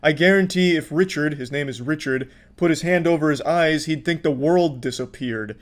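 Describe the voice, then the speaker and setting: A man's voice: on the high side, moderate pace. Sarcastic, mocking male commentator.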